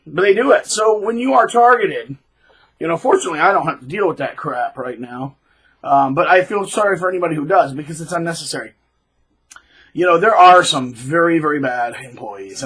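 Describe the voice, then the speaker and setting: A man talks straight through a rambling commentary, dropping sarcastic asides. His voice is husky and sits a little high for a man. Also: lively intonation, fairly quick, a bit bright, low-quality recording. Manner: rambling, sarcastic, with many fillers and restarts. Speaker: channel host. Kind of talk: ranting monologue commentary.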